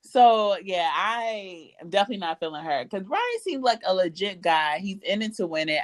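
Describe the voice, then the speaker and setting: A woman co-hosts a casual podcast and recaps a reality show, acting out the cast's lines as she goes. Her pitch swoops widely and she sounds animated. The recording is dry and close. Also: normal speed, hardly any pauses, no room sound. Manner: animated, acts out cast members' lines. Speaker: podcast co-host.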